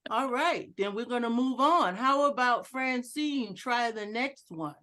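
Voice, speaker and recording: A woman's voice: on the high side, a little slow, few pauses. A woman giving an educational talk on a video call, playfully acting out different inflections of one sentence. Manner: animated, playful, acts out inflections. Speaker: educational speaker at a club meeting. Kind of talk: online presentation with audience exercises.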